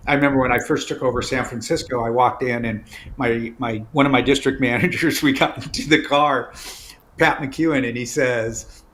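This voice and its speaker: A middle-aged man, an executive guest in an interview, telling candid stories in a casual, animated way. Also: mid-range voice, moderate pace, a little hiss or hum. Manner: candid, storytelling, animated asides.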